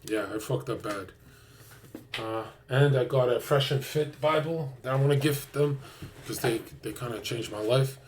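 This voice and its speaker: A man's voice: mid-range voice, moderate pace. A man chats on a live stream in a loose, crude, rambling way, full of slang. His voice sits in a plain middle range. A faint noise runs under the recording. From Canada. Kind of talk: casual live-stream chat.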